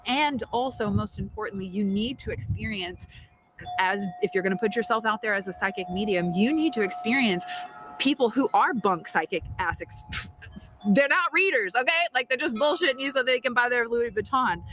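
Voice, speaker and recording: Bright-voiced chatty woman. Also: fairly high pitch, moderate pace, faint music behind. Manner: chatty, animated, swears casually, laughs often. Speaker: tarot reader and host. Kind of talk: casual storytelling to camera.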